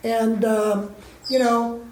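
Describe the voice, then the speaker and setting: A man's voice: very high-pitched, little pitch movement, extremely slow. A man being interviewed as a spiritual teacher, telling stories in a candid, colloquial way and firing off emphatic rhetorical questions. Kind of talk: candid conversational storytelling. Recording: roomy echo.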